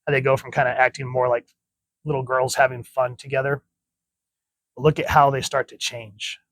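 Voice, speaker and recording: A man's voice: mid-range voice, a bit bright, no room sound, rough recording. A young adult man reviewing a comic book in an enthusiastic, chatty way, pointing out details of the artwork. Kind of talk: casual comic review with dramatic reading.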